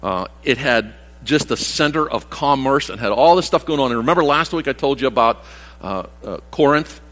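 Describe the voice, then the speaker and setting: Speaking at a normal pace with lively intonation, a man in his sixties gives a conversational sermon full of restarts and asides. His voice is medium in pitch and fairly bright, recorded in a church hall with long reverb.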